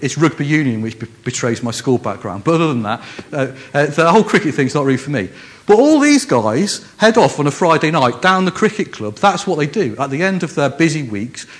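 A man's voice: on the high side, fairly bright tone. A man with a Scouse accent from Liverpool, preaching in a conversational, joking way, often restarting his phrases. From Liverpool, England. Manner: self-deprecating humor, frequent restarts. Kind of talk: conversational sermon.

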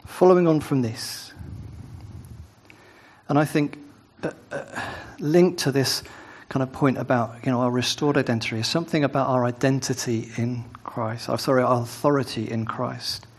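A man's voice: medium pitch, moderate pace, breathy edge. A man preaching a sermon, first reading scripture aloud, then talking it through conversationally with asides and tag questions.

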